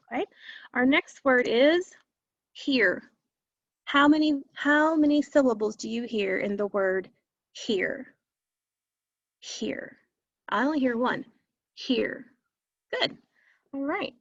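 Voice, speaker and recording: Her voice is fairly high, gravelly and fairly bright as she leads an online phonics class for young learners, patiently elongating words at a slow pace. The audio is dry, dull and lo-fi.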